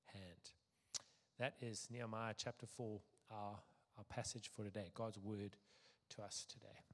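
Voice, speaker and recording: A man reading a scripture passage aloud and then preaching casually, with dramatic pauses and soft dips at the ends of phrases. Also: mid-range voice. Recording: long hall reverb.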